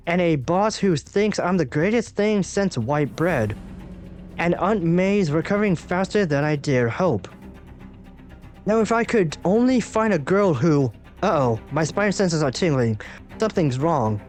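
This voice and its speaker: A man reads a young wisecracking superhero talking to himself, chatty and joking. The voice sits fairly high, with faint music underneath. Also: a little mellow. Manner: chatty, joking inner monologue.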